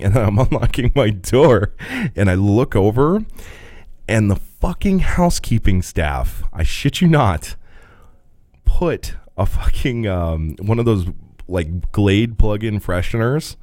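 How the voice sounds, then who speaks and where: A man's voice: lowish voice, measured pace, no room sound, studio quality. A man co-hosting a podcast, telling a long story in casual chat, with lots of swearing and laughing. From rural Midwest. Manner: profane, animated, laughing storyteller. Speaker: podcast co-host.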